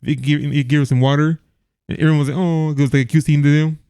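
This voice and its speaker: A man's voice: fairly high pitch, level tone, very fast, mellow, no echo, clean studio sound. A man co-hosting a casual movie review podcast, rambling with lots of restarts and laughs. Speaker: podcast co-host.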